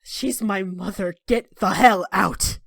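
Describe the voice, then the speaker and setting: A stubborn, grieving male dwarf who pleads for time and then snaps in anger, in a tabletop game, as a woman game master puts him on. The voice stays near her own middle pitch. The recording is dry and close. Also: slow pace, creaky, no echo. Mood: angry. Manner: pleading, then snapping angrily.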